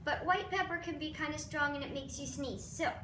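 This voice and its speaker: A woman's voice: high-pitched, brisk. A woman hosting a casual home cooking demo, chatty, playful and self-deprecating. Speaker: cooking show host. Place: home kitchen. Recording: roomy, distant, noisy kitchen recording.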